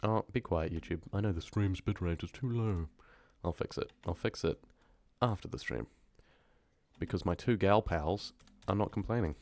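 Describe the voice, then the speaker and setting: Deep-voiced New man chatting. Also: normal speed. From New Zealand. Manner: relaxed, rambling, laughs easily. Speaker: horror story narrator and streamer. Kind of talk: casual live-stream chat with viewers.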